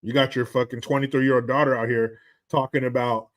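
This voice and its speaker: A man's voice: mid-range voice, little pitch movement, fairly quick. A man giving a profane, rambling commentary rant on his vlog, blunt and sarcastic, with frequent restarts. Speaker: vlogger.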